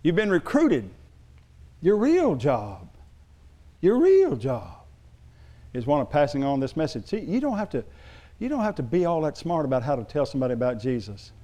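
A middle-aged man preaching a sermon, his voice sitting a little high for a man. He tells stories loosely, restarting phrases as he goes along. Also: wildly swooping pitch, moderate pace, pauses often, dark tone. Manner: rambling storytelling with restarts. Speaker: pastor.

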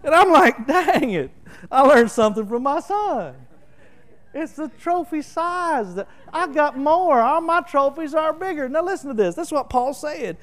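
A middle-aged man with a Southern Oklahoma accent preaching a sermon, telling folksy stories and swelling into loud, emphatic bursts as he explains scripture. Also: very high voice, measured pace. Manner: animated, folksy storytelling with laughter and emphatic swells. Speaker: pastor.

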